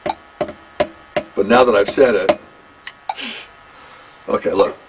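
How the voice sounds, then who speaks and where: Older man teaching drums, slow talk. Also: fairly low pitch, background noise. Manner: counts beats aloud, halting and conversational. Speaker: drum teacher. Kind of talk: one-on-one drum lesson.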